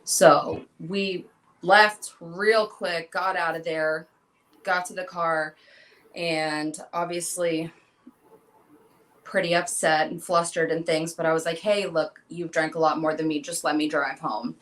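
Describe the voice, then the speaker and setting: Young woman, interviewee, lowish voice, personal story, quoted dialogue acted out. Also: flat delivery, slow, a bit bright, low-quality recording. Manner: recounts events, acting out quoted dialogue. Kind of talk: emotional personal account.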